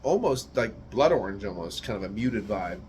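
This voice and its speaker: A man's voice: fairly low pitch, very animated, moderate pace, darkish tone, slight background noise. A man from the United States giving a casual, rambling beer tasting review, searching for words and swearing now and then.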